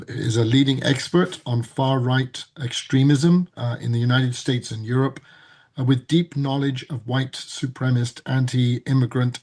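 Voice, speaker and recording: A man introducing a guest speaker on a webinar panel, talking haltingly with many fillers and restarts. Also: mid-range voice, darkish tone, husky. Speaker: panel moderator, reverend.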